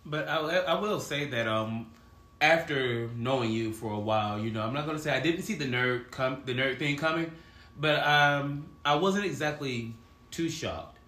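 A man in his forties talks loosely as a podcast host, rambling through stories and breaking into laughs. His voice is bright and forceful. The room around him rings with echo. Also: mid-range voice, normal speed. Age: 40s. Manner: rambling, laughs often while storytelling. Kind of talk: casual chat. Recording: echoey room.

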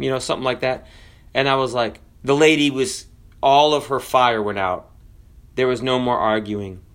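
A man preaching a sermon, quoting scripture and telling stories, with sudden swings between hushed words and loud ones. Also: mid-range voice. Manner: storytelling with quoted scripture.

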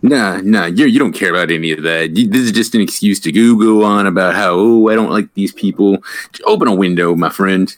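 A man's voice: low voice, fast. A man co-hosting a casual podcast, teasing and stammering with repeated words. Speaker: podcast co-host.

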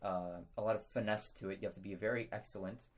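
A man's voice: lowish voice, fairly even intonation, quick pace. A young man co-hosting a podcast, delivering absurd jokes with a straight face. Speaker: podcast co-host. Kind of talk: comedic casual chat.

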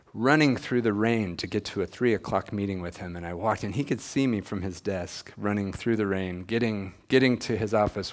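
Deep-voiced man telling his story. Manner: earnest storytelling, acts out quoted dialogue. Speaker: speaker at a church gathering. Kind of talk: personal testimony talk.

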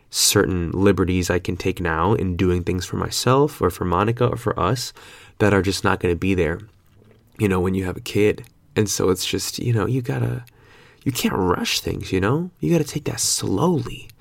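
A man's voice: deep voice, no echo. A man in his twenties talking in a laid-back, slangy vlog monologue, swearing freely and rambling with lots of fillers. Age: 20s. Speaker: vlogger.

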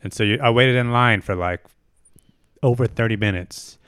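Casual podcast co-host, male, bright forceful tone, dry close sound, rambling delivery. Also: medium pitch, normal speed, clean tone, no room sound. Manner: rambling storyteller with many fillers. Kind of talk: casual chat. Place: New York City studio.

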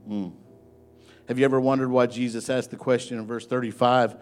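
A man preaching a sermon as pastor, moving from soft, low asides to loud, rising exhortation. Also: steady tone, a little fast, smooth, faint music behind.

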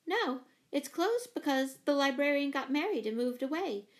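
Brisk chatty mother, practical, storybook voice, played by a woman reader. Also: sits high, expressive, voice pushed up. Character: middle-aged mother and librarian, brisk, practical.

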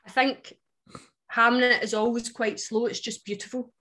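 A Scottish woman from Scotland co-hosting a book podcast, chatting in a wry, animated way. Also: fairly high pitch, normal speed. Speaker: podcast co-host. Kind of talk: casual chat.

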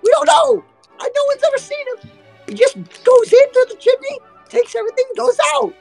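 A shrill, panicky little man, as a woman puts him on in a tabletop game. His voice sits far above her own and rushes out in pleading bursts, urgent and breathless. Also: gravelly, a little mellow, faint music behind. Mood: frantic pleading. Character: tiny frantic man begging for help.

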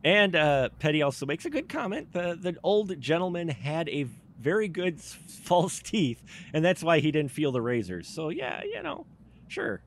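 A man's voice: fairly high pitch, very animated, normal speed, a little hiss or hum. A man hosting a casual live-stream chat, loose and chatty, laughing often. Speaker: podcast host.

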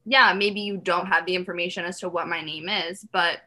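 A woman hosting a casual podcast, bubbly and quick with asides. Her voice has a bright, forward edge. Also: lowish voice, fairly even intonation. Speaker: podcast host.

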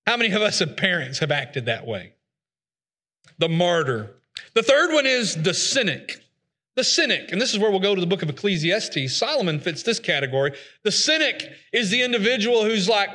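Guy preaching, high bright voice, folksy and chatty. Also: big pitch swings, brisk. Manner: conversational, folksy, acts out complainers' voices. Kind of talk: sermon.

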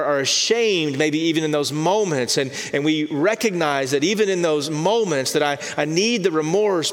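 Male pastor, sermon, earnest, softer emphasis, long church reverb. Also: a little high. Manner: earnest, repeats words, drops to soft emphasis. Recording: long reverb of a large hall.

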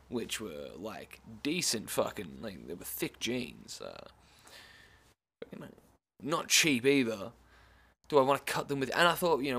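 With an Australian accent, a young man relaxes into a casual tale, cursing frequently and breaking into brief laughs. His mid-range voice swings widely in pitch and sounds pushed and bright, with a breathy edge.

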